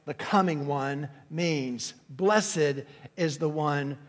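A man delivers an earnest teaching sermon. He often restarts his phrases as he works through the verses. His voice sits slightly high and carries a long, echoing reverb, as if heard in a church hall. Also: very slow. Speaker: pastor. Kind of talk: expository sermon.

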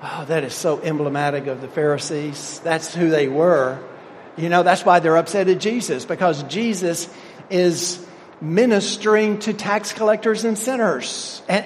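A man's voice: fairly high pitch, in a large hall, slight background noise. A man preaching a sermon, stressing his points with rising emphasis and quoting scripture figures. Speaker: pastor.

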